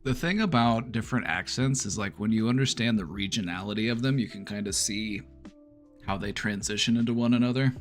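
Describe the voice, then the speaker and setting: A lower-pitched man hosting a relaxed chat stream, rambling easily and leaning on "like" as he talks. Soft music plays faintly underneath. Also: brisk. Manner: rambling, filler-heavy, easygoing. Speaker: streamer host. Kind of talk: casual chat.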